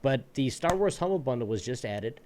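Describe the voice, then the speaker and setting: A man's voice: medium pitch, animated, moderate pace, darkish tone, a little hiss or hum. A man hosting a podcast in easygoing casual chat, plugging links and giveaways to listeners. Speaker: podcast host.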